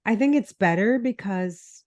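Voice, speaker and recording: A woman's voice: mid-range voice, lively intonation, a little slow, a little mellow. A woman co-hosting a casual chat, sounding nasal and congested from a cold, chatty and self-deprecating. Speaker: podcast co-host, health coach.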